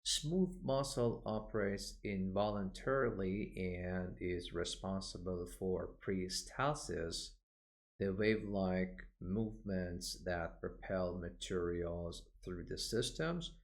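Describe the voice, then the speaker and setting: A man with a very low voice teaches medical terms in a recorded online lesson. He speaks slowly and patiently, explaining each word and saying it again so learners can copy the pronunciation. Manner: explanatory, with frequent "uh" fillers. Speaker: English vocabulary teacher.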